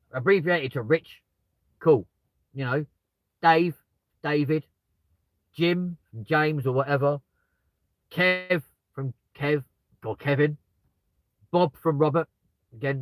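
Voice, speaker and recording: A British man live-streams a casual chat from his car with the window open, joking and laughing at himself. His voice is fairly high and slow, with frequent pauses. The recording is dry and rough.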